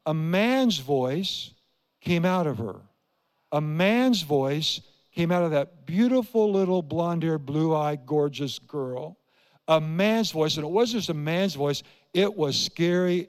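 An older man from Iowa preaches a sermon in a slightly high voice, driving his points home with repetition and questions to the congregation. His voice carries a long reverb through a large church hall. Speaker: pastor. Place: church sanctuary.

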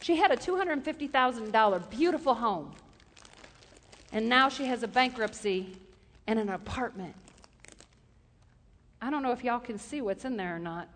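Woman preacher, high and bright, animated storyteller, long hall echo. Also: normal speed, pauses often. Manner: lively, repeats questions for emphasis, animated storytelling. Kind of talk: sermon.

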